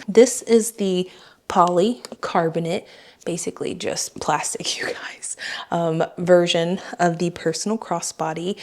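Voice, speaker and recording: Chatty woman vlogger from Florida. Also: on the low side. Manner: rambling, warm-hearted, with chuckles and fillers. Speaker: beauty and fashion vlogger. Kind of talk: casual chatty product review.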